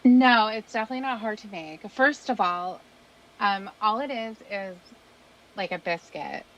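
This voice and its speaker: A woman's voice: mid-range voice, moderate pace, a bit bright, poor audio. Chatty woman host, rambling. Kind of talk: casual chat.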